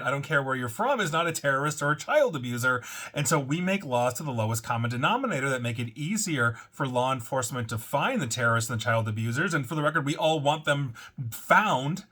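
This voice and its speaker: A man's voice: medium pitch, sharp tone, breathy edge. A man giving opinionated commentary, emphatic and indignant, talking casually with fillers. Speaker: tech commentator.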